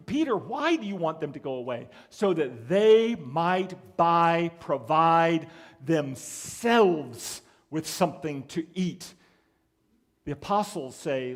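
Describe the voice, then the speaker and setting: A man preaching a sermon as pastor, asking rhetorical questions and chuckling as he goes. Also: fairly high pitch.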